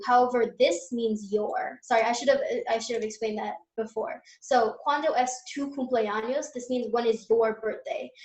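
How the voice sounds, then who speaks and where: A woman's voice: on the high side, darkish tone, reverberant, poor audio. A young woman tutoring an online Spanish class, explaining step by step with patient fillers.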